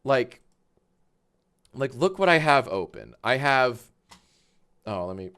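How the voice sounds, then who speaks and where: A man hosting a live stream, chatting casually and loudly, swearing, laughing and getting excited in bursts. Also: takes it slowly, smooth. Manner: excitable, loud, swears, laughs often, big swings in pitch and volume. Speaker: livestream host. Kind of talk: casual livestream chat.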